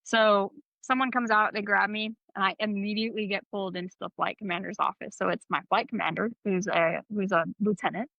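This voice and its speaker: Young woman podcast co-host, blunt profane storyteller, bright tone with heavy vocal fry. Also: medium pitch, fairly quick, hardly any pauses, no room sound. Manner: candid, profane, animated storyteller. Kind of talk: casual storytelling chat. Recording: slightly dull, dry sound.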